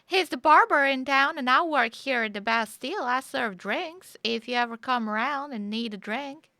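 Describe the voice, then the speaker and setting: A woman's voice: high voice, moderate pace, sharp tone, no echo, clean studio sound. A woman streamer playing a chirpy saloon server in a Western game role-play, talking with a folksy drawl.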